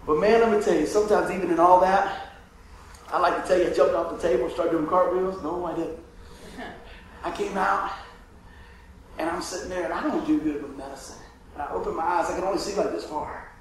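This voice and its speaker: A man preaching a sermon as pastor, telling a hospital story in an animated way and acting out the voices. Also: sits high, a little fast, a little hiss or hum. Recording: echoey room from a distance.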